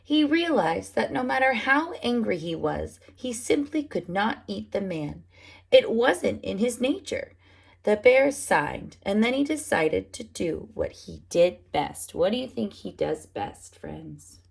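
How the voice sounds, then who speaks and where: A woman preschool teacher reading picture books aloud to young children, animated and often asking them questions. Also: medium pitch, a little slow, creaky, breathy edge. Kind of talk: storybook read-aloud for children.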